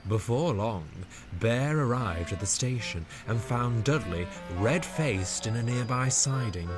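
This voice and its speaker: Guy reading a kids train story real slow, lively voice. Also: medium pitch, music in the background. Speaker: narrator. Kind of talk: scripted storybook narration.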